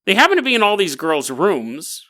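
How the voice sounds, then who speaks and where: Pompous self-appointed hero, put on by a man, theatrical, bright and lively. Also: high voice, normal speed, exaggerated voice. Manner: grandiose, theatrical declarations.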